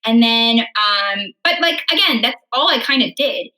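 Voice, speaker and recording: Bright, animated soprano woman. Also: a little high, unhurried, rough recording. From Illinois, United States. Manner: animated, acts out her past thoughts in quotes, laughs often. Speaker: guest opera singer. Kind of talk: casual interview storytelling.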